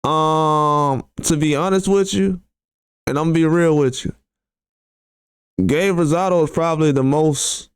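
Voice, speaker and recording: Male boxing commentary host, blunt and slangy, pitch leaping in disbelief; smooth tone, dry close recording. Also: measured pace, pauses often, no echo. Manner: blunt and conversational, with slang and rhetorical questions. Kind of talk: casual reaction commentary, reading tweets aloud.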